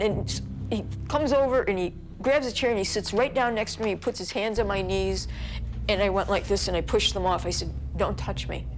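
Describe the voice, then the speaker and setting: A middle-aged American woman with a gravelly, mid-range voice gives documentary interview testimony as the mother of a missing son. She recounts events earnestly and with distress, a music bed playing beneath her.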